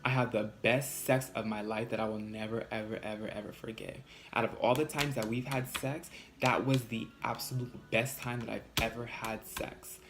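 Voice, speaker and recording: Young guy vlogger, sassy and blunt, mid-pitched voice, casual storytime delivery. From California. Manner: animated, sassy, swears freely.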